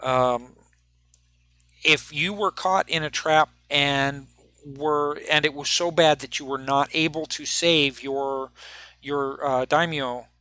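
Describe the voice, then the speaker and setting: A formal, low-key handler speaks in measured, quiet sentences with a dangerous edge under the politeness, voiced by a man running a tabletop game. The voice is fairly high and bright for a man, recorded dry and close. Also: smooth, no room sound. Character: stern male handler of an agents' team, rarely smiles.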